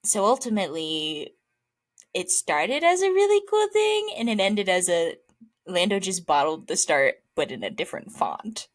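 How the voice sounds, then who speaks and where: A young woman co-hosts a podcast. Her pitch swings widely, and she delivers dry, sarcastic asides in a loose, conversational way. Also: normal speed. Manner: wry, expressive, sarcastic asides. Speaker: podcast co-host. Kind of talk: casual chat.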